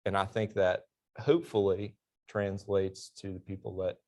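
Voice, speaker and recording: A middle-aged army veteran, a guest in a church class interview, tells stories animatedly and laughs at his own punchlines. His voice is low and dark-toned, with little pitch movement, at a moderate pace.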